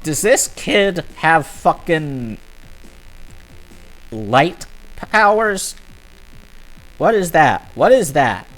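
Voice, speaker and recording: Joking let's-play gamer, lively pitch. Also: extremely slow, long pauses, soft background music, low-quality recording. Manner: joking, swearing asides. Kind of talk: casual gameplay commentary.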